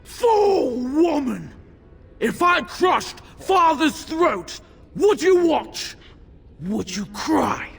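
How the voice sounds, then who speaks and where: Brief: taunting demon in a child, high and gravelly, swooping pitch. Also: male voice, big pitch swings, drawn-out words, big-room sound, full character voice. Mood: sneering. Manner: sneering, taunting. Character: demon speaking through a young boy, cruel and mocking.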